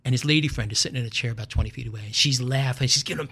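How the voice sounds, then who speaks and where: An older man hosting a show, telling a comic story in a wry, animated way and chuckling at his own tale. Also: mid-range voice, very fast, few pauses, breathy edge. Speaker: podcast host.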